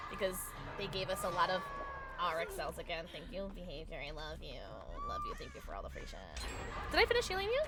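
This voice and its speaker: Bubbly, lively woman streamer. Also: mid-range voice. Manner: chatty, excitable, talks to chat and teammates; greets viewers as love. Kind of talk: live gameplay commentary.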